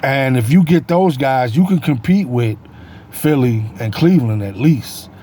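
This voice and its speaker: A man's voice: medium pitch, animated, unhurried, warm tone, a little hiss or hum. A man giving casual solo sports talk as a host, rambling and correcting himself with many fillers.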